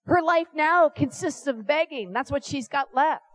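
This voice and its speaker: A woman preaching a sermon, telling stories with lively asides and acting out the voices of people she quotes. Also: high-pitched, moderate pace. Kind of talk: animated sermon storytelling.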